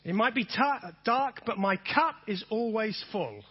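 A man preaching a sermon, repeating phrases and swinging from soft to emphatic. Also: high voice, animated, a little slow, husky, muffled recording. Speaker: pastor.

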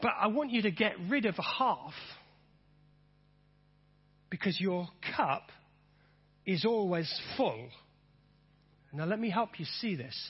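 A man preaching a sermon, repeating phrases and swinging from soft to emphatic. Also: very high voice, breathy edge, dull audio. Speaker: pastor.

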